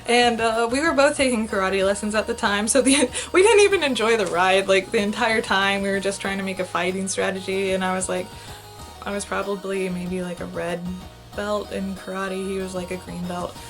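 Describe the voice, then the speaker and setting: A young woman casually telling a storytime vlog, animated and giggly, acting out the quotes with big jumps in her voice. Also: mid-range voice, moderate pace, faint music behind. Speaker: vlogger.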